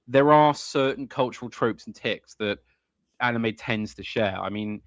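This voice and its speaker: A man's voice: mid-range voice, a little slow, no room sound, highs cut off. A man as a guest in a casual conversation, playful and teasing, often stammering into restarts. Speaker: podcast guest.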